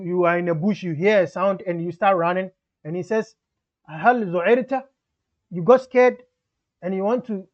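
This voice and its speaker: High-voiced man explaining grammar patiently. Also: dull audio. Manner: explains step by step, repeats and rephrases examples; switches between English and Arabic grammar terms. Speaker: Arabic grammar teacher. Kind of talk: explanatory lesson.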